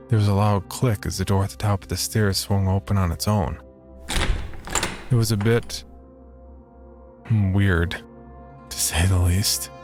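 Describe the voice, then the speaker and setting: A man narrating a first-person horror story in a measured, steady voice. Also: lowish voice.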